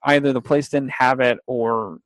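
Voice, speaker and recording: A man's voice: medium pitch, steady tone, normal speed, no room sound. A young man telling a long casual story with restarts and quotes, in a dry, close recording. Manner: rambling, with restarts, laughs and acted-out quotes.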